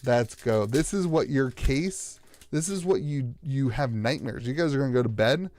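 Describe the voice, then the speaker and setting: A man's voice: mid-range voice, lively intonation, normal speed, darkish tone, no echo. An American man streaming live as he opens card packs, rambling with sarcastic, self-mocking banter.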